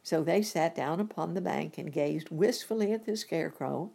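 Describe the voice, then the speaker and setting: Woman reading a storybook, husky, gravelly, low voice, gentle unhurried pace. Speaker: reader. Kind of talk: storybook narration.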